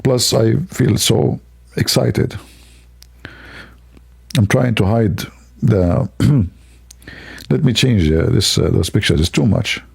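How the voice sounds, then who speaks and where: A man's voice: fairly low pitch, slow pace, vocal fry, long pauses, breathy edge. A man hosting a livestream, talking in a sarcastic, rambling, mock-admiring way. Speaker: livestream host. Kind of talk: mocking livestream commentary.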